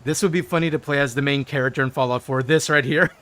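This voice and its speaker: A man's voice: mid-range voice, fairly even intonation, fast talker, fairly bright tone. A man streaming a modded game, chatting casually with viewers and reading their chat messages aloud.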